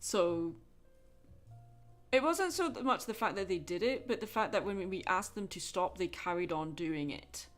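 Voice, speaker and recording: Low-voiced Scottish woman chatting. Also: animated, moderate pace, soft background music. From Scotland. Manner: chatty, frank storytelling with soft laughs. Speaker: livestreaming artist. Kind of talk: casual chat while drawing on a livestream.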